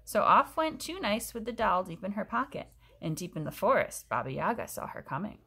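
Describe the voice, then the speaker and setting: Woman reading a children's story aloud, very lively pitch, expressive. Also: fairly quick, creaky, husky. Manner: expressive, stops to explain to a child. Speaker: story reader.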